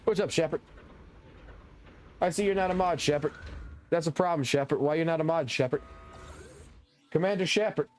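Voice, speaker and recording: A young man from Louisiana with a Southern accent, ranting loudly and profanely while chatting on a live stream. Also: a little high, normal speed, pauses often, a little hiss or hum. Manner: loud, profane, energetic ranting. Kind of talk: casual ranting stream chat.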